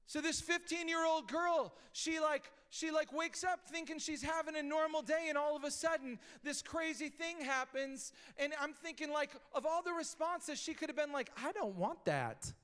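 A man preaching a sermon as pastor, talking casually and rising to shouted emphasis, recorded live in a church. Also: extremely high pitch, steady tone, normal speed, hardly any pauses. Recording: live church hall reverb.

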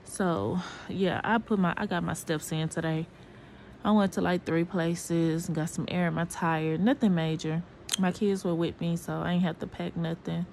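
A woman's voice: lowish voice, steady tone, moderate pace, vocal fry, a little mellow, a little hiss or hum. A middle-aged woman, chatting candidly to a phone camera at home, out of breath and tired after surgery. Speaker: vlogger. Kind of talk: casual post-surgery recovery vlog.

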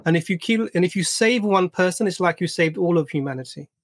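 A man's voice: high voice, brisk, no echo, clean studio sound. Patient man hosting a debate. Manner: patient, asks leading questions. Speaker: panel host. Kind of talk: live stream debate discussion.

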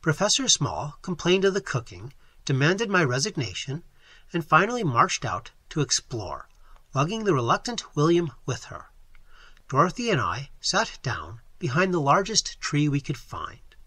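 A man's voice: a little high, big pitch swings, normal speed, bright, forceful tone, husky, no room sound. A man reading a story aloud as audiobook narrator, telling it expressively. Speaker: audiobook reader. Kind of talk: scripted narration.

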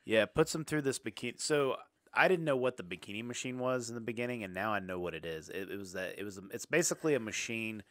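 Low-voiced man, dry close sound. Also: expressive, quick pace, a bit bright, dry recording. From Southern US. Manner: rambling, lots of filler and restarts, swears casually. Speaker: podcast co-host. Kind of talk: casual movie chat.

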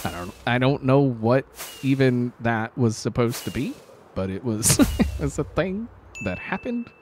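A young man streaming a game, chatting casually and goofily, his voice a little rough from sickness and lack of sleep. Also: medium pitch, a little slow, noisy background. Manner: animated, excitable, goofy. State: slightly sick, sleep-deprived voice. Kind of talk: casual live-stream chat.

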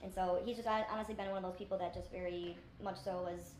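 A woman's voice: lowish voice, steady tone, fast talker, a little mellow, a little hiss or hum. A woman YouTuber chatting casually on her vlog, rambling and self-deprecating, full of fillers. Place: indoors in a rented place with friends. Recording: echoey room.

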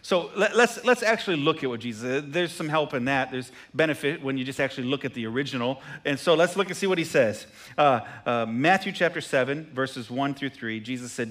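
A man preaching a sermon as pastor, animated and jokey, who repeats phrases and asks the congregation questions. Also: mid-range voice, brisk, few pauses. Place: church sanctuary.

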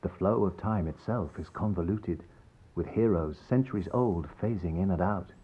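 A man's voice: low voice, normal speed, slightly rough, lo-fi sound. An actor playing a courteous, earnest male knight who serves the sun, speaking in a formal manner in a video game. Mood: genial, earnest. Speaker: game character.

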